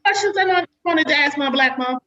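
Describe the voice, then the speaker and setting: A woman in her forties doing a chatty stand-up comedy set over a video call, slipping into sharp quotes of a stern mother. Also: sits high, normal speed, lo-fi sound. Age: 40s.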